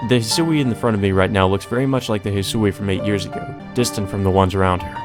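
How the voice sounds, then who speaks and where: A man's voice: fairly low pitch, quick pace, few pauses, music in the background. A man hosting a let's play, reading a visual novel aloud and breaking off for hesitant asides full of ums and restarts.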